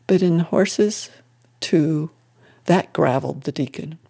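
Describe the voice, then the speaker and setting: Brief: audiobook narrator, steady storytelling, dark mellow tone. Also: mid-range voice, takes it slowly, creaky, breathy edge.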